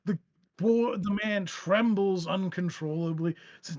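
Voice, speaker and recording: Slow, high-voiced male game master. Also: animated, a bit bright, no room sound, dull audio. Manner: theatrical, laughs often, frequent fillers. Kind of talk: narrating a tabletop game.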